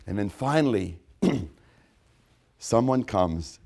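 A man preaching a sermon, swinging between loud, emphatic repetition and low, hushed asides. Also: sing-song, takes it slowly, gravelly, long pauses, husky. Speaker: pastor.

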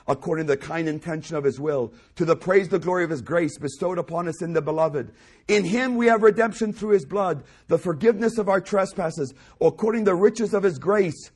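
A man preaching a sermon, repeating lines for emphasis and dropping from loud declarations to hushed, low phrases. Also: animated, moderate pace, husky.

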